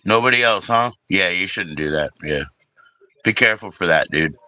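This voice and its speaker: A man's voice: deep voice, lively intonation, normal speed, bright, forceful tone, dry recording, rough recording. A middle-aged man with a casual, rambling and profane way of talking, hosting his own livestream and chatting with viewers. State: briefly emotional, teary. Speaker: livestream host.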